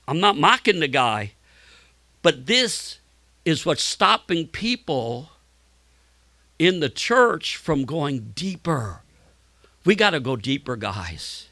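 Casting: male pastor, high bright voice, fervent preacher who stumbles and repeats, dry close mic. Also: sing-song, slow, pauses often, no room sound. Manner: impassioned preaching with many repeated words and restarts; acts out quoted voices in a much higher, louder tone. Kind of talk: sermon.

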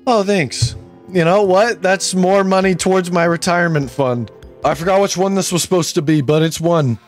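A gaming YouTuber does let's play commentary on his own gameplay, exclaiming, complaining, and mocking himself. His voice sits high, his pace is moderate, and soft music plays behind him.

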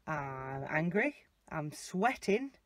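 A woman's voice: sits low, very animated, slow, dry recording. A young British woman ranting and telling a story in a chatty, sweary way while driving, talking into her phone mounted on the dashboard. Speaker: vlogger. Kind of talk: casual storytelling rant. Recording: dull lo-fi phone audio.

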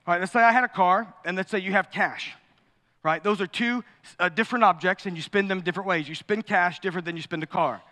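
A man preaching a sermon as pastor, animated and joking, acting out quotes and asides. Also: high-pitched, quick pace. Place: large church sanctuary. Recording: long hall reverb.

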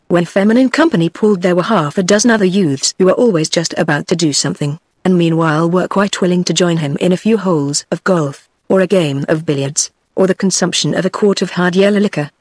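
A text-to-speech woman's voice with a British English accent, reading a novel aloud in an even, steady manner. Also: on the low side, no room sound. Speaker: audiobook reader. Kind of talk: scripted narration.

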